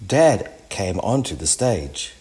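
A man reading a children's storybook aloud in a slow, deliberate, expressive way. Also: low voice, a little hiss or hum. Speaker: storybook reader.

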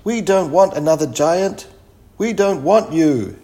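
A man's voice: expressive, unhurried. A man voicing a crowd of angry villagers in a storybook reading. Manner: shouting, loud and high.

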